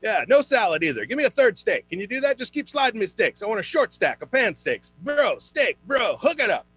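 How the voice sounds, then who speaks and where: A man voicing a pushy young gym-bro diner who keeps demanding more steak, in a high chummy put-on voice. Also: very animated, a little fast, a bit bright, husky, no room sound, full character voice.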